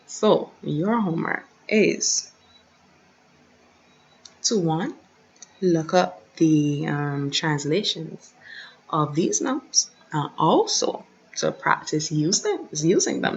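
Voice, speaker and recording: Woman teacher, lowish voice, unhurried and careful, repeats words for practice; dull desk-mic recording. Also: very animated, vocal fry. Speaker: French teacher. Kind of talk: recorded online lesson.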